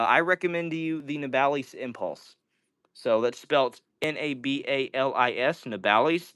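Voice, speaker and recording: This casual indoor livestream features a male host who kids around and reads comments from viewers aloud. His voice sits at medium pitch and sounds a bit bright.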